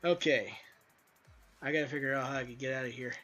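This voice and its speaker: A man's voice: medium pitch, normal speed, fairly bright tone, slightly rough. A man casually chatting while testing his own game, rambling loosely with crude asides. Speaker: indie game developer. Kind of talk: casual gameplay commentary. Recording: dull lo-fi audio with faint music.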